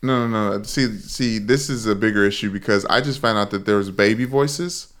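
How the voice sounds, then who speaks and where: Male sports podcast co-host, low voice, dry deadpan wit. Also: normal speed. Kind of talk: casual sports chat.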